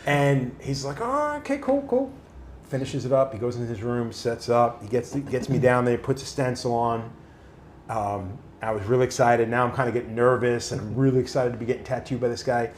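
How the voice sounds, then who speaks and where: Animated, foul-mouthed man telling stories. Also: mid-range voice, brisk, roomy sound, slight background noise. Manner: animated, swears freely, acts out quoted voices. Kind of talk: casual storytelling.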